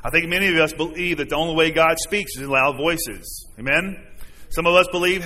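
A man's voice: fairly high pitch, a little fast, pushed and bright. A man preaching a sermon to his congregation, earnest and conversational, often asking them questions. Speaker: pastor. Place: church sanctuary. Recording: long hall reverb.

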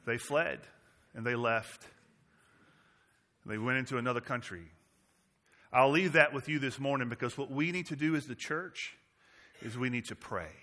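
A man's voice: medium pitch, sharp tone. A man from Massachusetts preaching a sermon to his church, emphatic, with his volume rising and falling. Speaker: pastor.

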